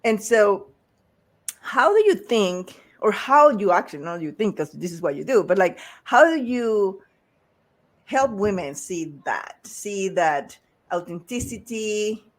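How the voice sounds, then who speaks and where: A woman host speaks slowly and steadily in a relaxed interview. She stays supportive of her guest and keeps affirming what she hears as she leads into her next question. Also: medium pitch. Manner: supportive, many short affirmations. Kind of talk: casual interview conversation.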